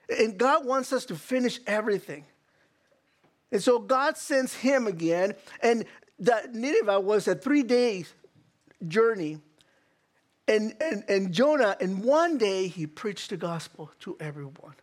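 High-voiced, stammering male preacher. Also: a little slow. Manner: animated, stammering restarts, rhetorical questions. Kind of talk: sermon.

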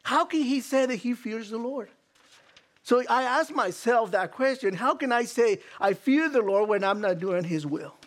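High-voiced, stammering male preacher. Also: normal speed. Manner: animated, stammering restarts, rhetorical questions. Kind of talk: sermon.

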